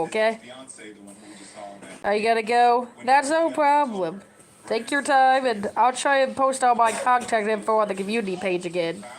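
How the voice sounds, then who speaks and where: A woman's voice: fairly high pitch, low-quality recording. A woman in her thirties chats to her camera in a loose, rambling way. She hands out advice to her viewers, trips over her words and starts over, and sounds close to tears. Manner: chatty, advice-giving, rambling with restarts. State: tearful. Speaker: vlogger. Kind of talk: casual rambling talk to camera.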